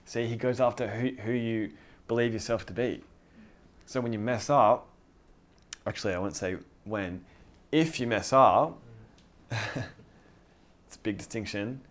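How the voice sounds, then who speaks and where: A man's voice: lowish voice, measured pace, long pauses. Man preaching in a conversational sermon. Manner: conversational, animated, acts out dialogue.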